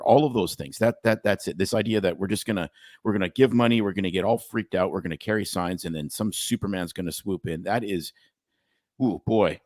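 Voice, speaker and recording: Podcast host guy, really low voice, dry close sound, blunt and emphatic. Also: dry recording. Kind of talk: casual interview chat.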